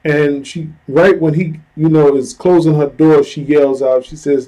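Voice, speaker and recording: A man's voice: a little high, unhurried, hardly any pauses, low-quality recording. A man vlogging, telling a personal story in an earnest, conversational way, full of "you know" and "like". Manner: conversational, heavy use of "you know" and "like" fillers; earnest, retelling a story with lively asides.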